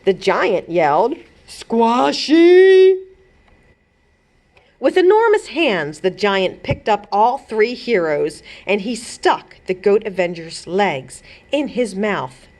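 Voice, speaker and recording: A woman children's librarian reading a chapter book aloud in an expressive storytelling manner. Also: mid-range voice, slow, few pauses.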